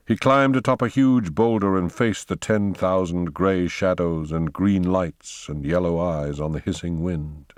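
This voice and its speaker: A man narrates an audiobook slowly and dramatically, his voice on the low side. The recording is dry and close, with no room in it. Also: no echo. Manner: slow, dramatic reading. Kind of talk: scripted narration.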